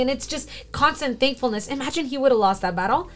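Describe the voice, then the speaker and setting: Chatty woman musing on faith, high voice. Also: lively intonation. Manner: chatty, fast, lots of "like", self-deprecating. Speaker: co-host. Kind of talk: casual faith discussion.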